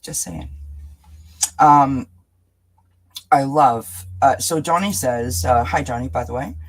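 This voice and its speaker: A woman co-hosting a casual live-stream chat, relaxed and agreeable, reading viewer comments aloud. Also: very deep voice, takes it slowly, poor audio. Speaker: co-host.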